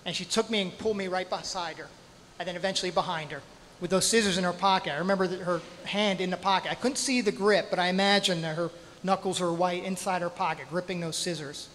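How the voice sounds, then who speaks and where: A man performing a true story live on stage, dramatic, with pauses, spoken sound effects and self-deprecating humor. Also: high voice, fairly even intonation, fairly bright tone, a little hiss or hum. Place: stage in a hall at a storytelling night. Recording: hall reverb, faint ambience.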